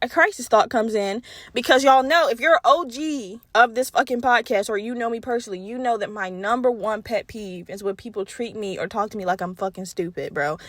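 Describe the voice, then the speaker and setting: Young woman ranting on her podcast, kinda high voice, dry mic, swears a lot. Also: no echo. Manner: candid and profane, animated storytelling. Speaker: podcast host. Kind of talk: casual solo podcast chat.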